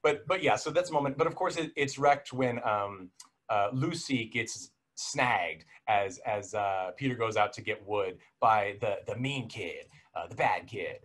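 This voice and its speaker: A man's voice: on the low side, a little slow, a bit bright. A young man recapping a film in a casual podcast chat, rambling and self-correcting, laughing now and then.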